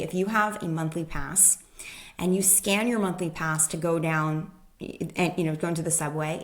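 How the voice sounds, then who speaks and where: A woman guest, a human design expert, telling a personal story in casual conversation and acting out the people she quotes. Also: on the low side.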